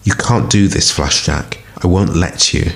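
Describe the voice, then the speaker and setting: A furious male shadow monster snarls and swears in a deep, harsh voice, put on by a man reading the story. He is a creature of darkness and menace in this audiobook tale. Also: a little slow, creaky, fairly bright tone, full character voice.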